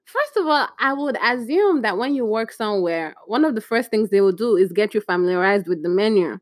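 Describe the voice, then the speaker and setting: A young woman in casual storytime chat, chatty and animated, acting out bits of dialogue with exclamations. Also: mid-range voice, fairly quick, no echo, clean studio sound. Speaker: vlogger.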